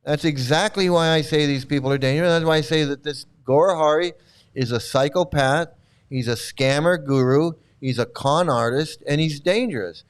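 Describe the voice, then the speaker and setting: A man's voice: a little high, moderate pace, clean tone. Combative, mocking male commentator. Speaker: streamer. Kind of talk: ranting commentary.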